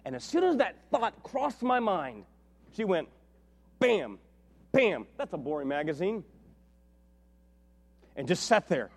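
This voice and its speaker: A man preaching a sermon as a pastor, telling a story with lively acted-out dialogue. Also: high-pitched, a little slow, creaky, pauses often. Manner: animated storytelling, acts out dialogue with big swings in loudness. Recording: long reverb of a large hall.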